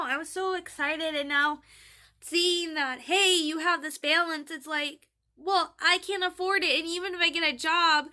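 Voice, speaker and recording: In a relaxed diary vlog, a college student in her young adult years chats on and on, recounting conversations she's had. She speaks with a high, sharp-toned voice.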